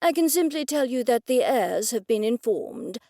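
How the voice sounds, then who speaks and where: A man's voice: extremely high pitch, lively intonation, moderate pace, warm tone, dry recording, studio quality. A woman reading an audiobook, voicing a curt, guarded lawyer with clipped official speech.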